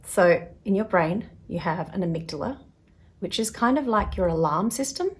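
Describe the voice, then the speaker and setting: A woman's voice: medium pitch, animated, normal speed. A woman hosting a self-help video, talking casually to camera and acting out little voices as she explains. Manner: chatty, acts out little voices in quotes; drops to a soft, quiet tone at times.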